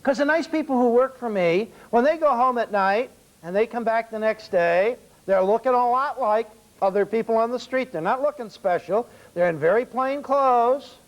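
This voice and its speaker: Brief: male seminar speaker, high-pitched, wry storyteller who acts out the dialogue. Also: normal speed, dull audio. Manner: storytelling, acting out quoted dialogue. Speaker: seminar speaker on restaurant service. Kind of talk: lecture with anecdotes.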